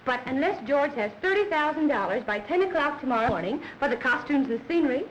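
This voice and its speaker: An actress playing a wisecracking young showgirl, brassy and quick, in 1930s film dialogue. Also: sits high, animated, a little hiss or hum, low-quality recording.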